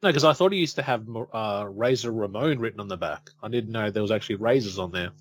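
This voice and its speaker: A man's voice: lowish voice, fast talker, dry recording. A man in his thirties co-hosting a wrestling watch-along, easygoing and self-deprecating, laughing often. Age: 30s. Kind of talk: casual chat.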